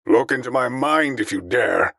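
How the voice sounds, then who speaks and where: A man's voice: medium pitch, expressive, normal speed, creaky, fairly bright tone, dry recording, studio quality, pitched above the performer's own voice. A man voicing a defiant, angry old man who talks back through gritted teeth. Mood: defiant anger.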